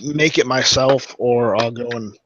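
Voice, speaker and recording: A man co-hosting a casual podcast chat, halting and restarting his words. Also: medium pitch, a bit bright, no room sound. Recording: dry, dull lo-fi audio.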